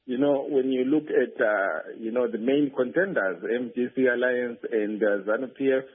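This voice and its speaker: A man's voice: mid-range voice, moderate pace, husky. Hesitant man reporting over a tinny phone. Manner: hesitant, many fillers and restarts. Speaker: field reporter. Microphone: telephone.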